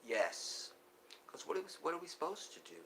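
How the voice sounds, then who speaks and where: A man talking live to his viewers in an emotional monologue, breaking off and restarting, swinging from loud urgent pleas to hushed near-whispers. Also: fairly high pitch, animated, vocal fry, a little hiss or hum, poor audio. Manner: halting, restarts often. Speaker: live streamer.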